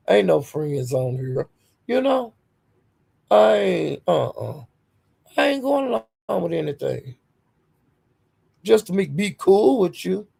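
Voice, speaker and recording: Gravelly woman livestreaming. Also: low-pitched, mellow. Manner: greets viewers by name, blunt and defiant. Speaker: livestream host. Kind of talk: casual livestream chat.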